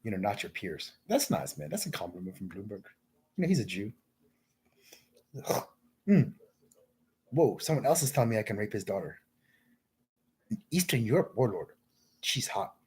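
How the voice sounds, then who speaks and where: Very husky man rambling to himself. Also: fairly low pitch, big pitch swings, moderate pace, pauses often, a little mellow. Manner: rambling, keeps addressing the listener as "man". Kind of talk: rambling solo monologue.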